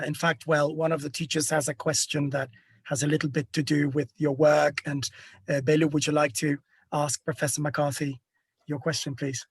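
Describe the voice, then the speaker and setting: A man's voice: fairly high pitch, slightly rough, dry recording. A man interviewing a professor, courteous and appreciative as he asks questions and thanks his guest.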